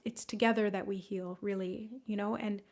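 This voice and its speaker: A young woman hosting a live-stream psychic session, speaking softly and gently as she leads a group healing and warmly thanks viewers by name. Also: mid-range voice, fairly even intonation, normal speed.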